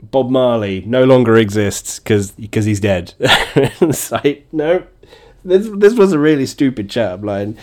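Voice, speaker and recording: A man's voice: mid-range voice, a little mellow. A young man hosting a casual comedy video, laughing through his sentences and swearing freely. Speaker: video host.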